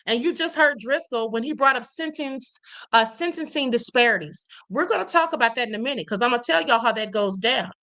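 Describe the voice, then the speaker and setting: A woman's voice: on the high side, lively intonation, a little fast, sharp tone. A young woman hosting a live stream, reading viewer comments and speaking emphatically about justice. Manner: emphatic, preachy, reads comments aloud.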